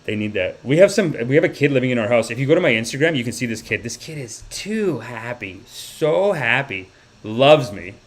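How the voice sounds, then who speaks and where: Speaking a little fast in a mid-range voice, this young comedy podcast host delivers a storytelling monologue full of energy. He brings the characters to life by slipping into their voices.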